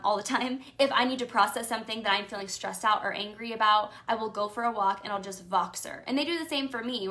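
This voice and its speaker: Bright-voiced chatty woman coach. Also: medium pitch. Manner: chatty and emphatic, with many fillers. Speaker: life coach. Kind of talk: casual motivational talk.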